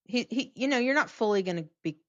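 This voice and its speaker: A woman co-hosting a podcast in casual chat, relaxed and agreeable. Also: fairly high pitch, quick pace. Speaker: podcast co-host. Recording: dry, dull lo-fi sound.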